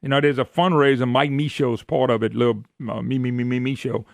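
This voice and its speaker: A man's voice: medium pitch, steady tone, brisk, vocal fry, dry recording, studio quality. A man hosting talk radio, folksy, sarcastic and ranting. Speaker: radio talk show host. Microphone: studio microphone.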